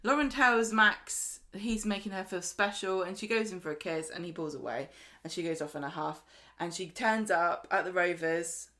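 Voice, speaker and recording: A woman's voice: on the low side, normal speed, few pauses, pushed and bright. A woman co-hosting a podcast, chatting casually as she reads out plot notes and laughs easily. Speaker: podcast co-host. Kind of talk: casual chat recapping episodes.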